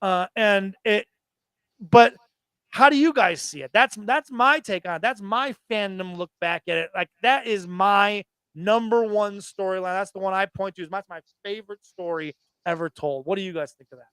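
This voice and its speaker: A man in his thirties co-hosting a wrestling podcast, telling stories with excited, profane enthusiasm. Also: high-pitched, moderate pace, clean tone, dry recording. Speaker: podcast co-host. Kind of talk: casual wrestling chat.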